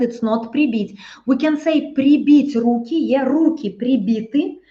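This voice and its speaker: Slow-explaining woman with a Russian accent. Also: on the high side, muffled recording. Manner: explains slowly, repeats phrases, checks with "yeah?". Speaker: Russian teacher. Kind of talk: live-stream language lesson.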